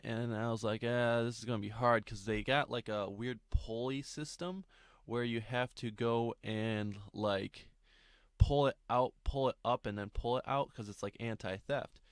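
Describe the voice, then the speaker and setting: A man's voice: medium pitch, no echo, clean studio sound. A young man in his twenties, casually telling a story for a vlog, rambling with laughs, swearing and restarts.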